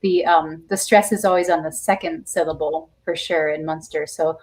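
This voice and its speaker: A woman's voice: low-pitched, steady tone, moderate pace, darkish tone. A woman joining an online language lesson to explain how stress falls in a regional dialect, confident and direct. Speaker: lesson participant. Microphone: video call.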